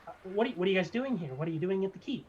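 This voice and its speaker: A man's voice: high-pitched, lively intonation, very fast, a little mellow, husky, pitched above the performer's own voice. A man voicing a fussy little male gnome barber who rambles eagerly and a bit creepily. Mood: fawning. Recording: slightly dull lo-fi mic, faint noise.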